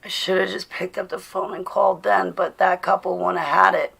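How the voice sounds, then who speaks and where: Female livestream host, low and raspy-edged voice, casual home chat that calls out viewers. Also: flat delivery, fairly quick, few pauses, a bit bright. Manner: chatty, addresses viewers by name, laughs often. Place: indoors at home.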